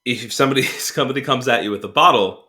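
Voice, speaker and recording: A man's voice: mid-range voice, quick pace, pushed and bright. A man co-hosting a podcast in casual chat, rambling with many fillers and restarts and laughing as he retells film scenes. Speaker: podcast co-host.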